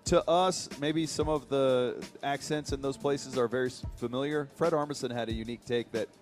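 Co-host musing aloud on air. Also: male voice, medium pitch, fairly even intonation, brisk, a little mellow, faint music behind. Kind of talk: casual radio banter.

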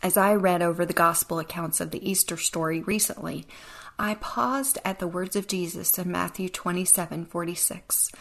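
Gravelly woman hosting a devotional podcast. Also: lowish voice, moderate pace. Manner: earnest, reflective, softly drops to whispers. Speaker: podcast host.

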